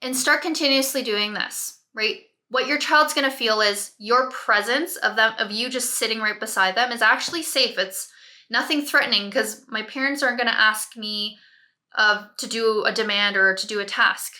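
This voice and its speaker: A woman parent coach giving direct, step-by-step advice, often checking in with a quick "right?". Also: fairly high pitch, bright, forceful tone. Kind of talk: advice talk to camera.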